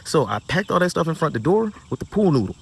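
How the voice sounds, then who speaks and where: A young man telling his side of a breakup in a heated personal rant, acting out the quoted lines and swinging from soft to loud. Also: on the high side, very animated, fast talker, slightly rough.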